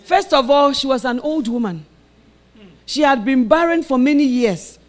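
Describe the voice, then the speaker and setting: Woman preaching a lively sermon. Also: sits high, normal speed. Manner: storytelling, acting out quoted voices, rising to shouted exhortation. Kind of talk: sermon with personal story.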